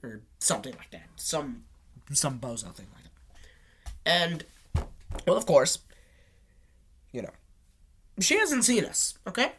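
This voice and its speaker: A woman's voice: low-pitched, huge pitch swings, slow, long pauses, fairly bright tone, slight background noise. A woman with a sick voice telling a personal story to her channel, rambling and correcting herself as she goes. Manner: rambling, restarts and self-corrections. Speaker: storytime video host. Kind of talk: casual storytelling.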